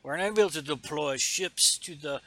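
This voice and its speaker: A man voicing a nervous male imperial officer making hurried, apologetic excuses. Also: on the high side, very noisy, natural voice.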